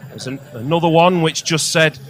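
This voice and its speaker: A male comedian doing a crude stand-up set on a comedy club stage, with loud outbursts on the punchlines. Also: a little high, moderate pace, noisy background.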